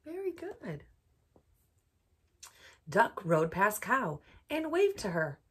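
A woman storyteller reading a picture book aloud for a bedtime program, gently asking children questions as she goes. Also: mid-range voice, huge pitch swings, slow, slightly rough.

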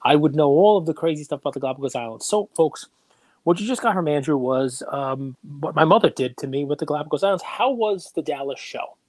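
A man's voice: fairly high pitch, animated, fast, darkish tone, dry recording. A man hosting a casual podcast, teasing and sarcastic, telling long winding stories. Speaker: podcast host.

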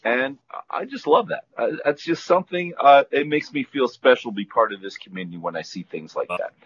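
A man's voice: medium pitch, expressive, brisk, a bit bright, breathy edge, lo-fi sound. A man talking in casual chat on a video call, teasing at times and earnest at others.

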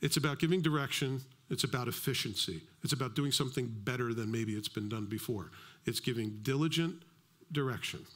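A middle-aged male pastor giving a sermon, telling stories with lively acted-out dialogue. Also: medium pitch, a little fast. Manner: animated storytelling, acts out dialogue.

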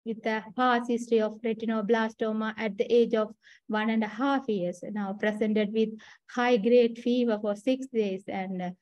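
A woman's voice: fairly high pitch, fairly even intonation, moderate pace, darkish tone, no room sound, highs cut off. A woman with a Sri Lankan accent giving a clinical case presentation, hesitant with many fillers and restarts. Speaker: trainee doctor presenting a case.

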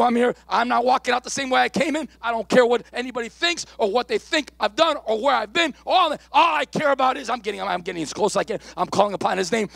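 A male pastor preaching a live church sermon with impassioned repetition and calls to the congregation, at times shouting, at times dropping low. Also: gravelly, no room sound. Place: church sanctuary during a live service.

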